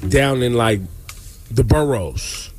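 A man's voice: mid-range voice, animated, a little mellow, soft background music. A man hosting a morning radio show, joking and slangy in loose studio banter. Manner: joking, slangy, drawn-out delivery.

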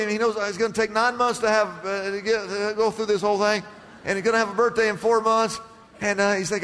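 A man preaching a lively sermon, who acts out the voices of the figures in the Bible story. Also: sits high, fast, big-room sound. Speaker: pastor.

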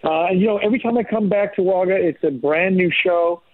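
A man, a comedian and ventriloquist, chats playfully as a radio guest. His voice sits high for a man. The audio is dull and lo-fi, like a radio. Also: a little fast. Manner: chatty, playful. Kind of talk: radio interview chat.

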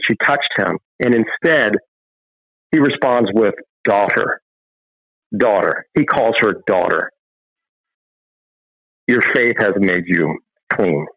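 A man's voice: medium pitch, dry recording, lo-fi sound. A man, a guest filmmaker and ministry founder, telling a scripture story in an impassioned preaching style and acting out its voices.

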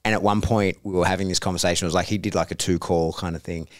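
A man in a casual podcast chat who talks haltingly, restarting his sentences and readily agreeing with his host. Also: low-pitched, steady tone, no room sound, studio quality.

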